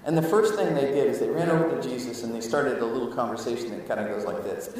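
A man preaching a sermon to his congregation, animated, moving between hushed asides and loud exclamations. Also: mid-range voice, quick pace, hardly any pauses, a little hiss or hum. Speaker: pastor. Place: church sanctuary. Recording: echoey hall, mic at a distance.

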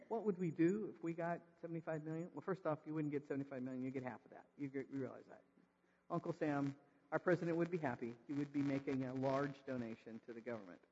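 A male pastor preaching a sermon to his congregation, jokey and animated, quizzing listeners with rhetorical questions and raising his voice for emphasis. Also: medium pitch. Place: church sanctuary. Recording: long reverb, dull lo-fi sound.

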